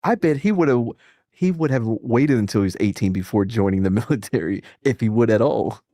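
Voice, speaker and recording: A man's voice: lowish voice, a little fast, warm tone, dry recording, studio quality. A man hosting a casual reaction chat, rambling and profane, laughing often and restarting his sentences. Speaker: streamer host.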